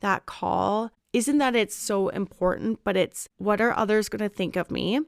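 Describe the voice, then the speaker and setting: A woman in her thirties speaks in a candid, reflective monologue as a podcast host. Her voice is smooth and resonant with a gravelly edge at the ends of phrases. The recording is dry and close, with no room sound. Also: medium pitch, moderate pace, no echo. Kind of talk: casual personal reflection.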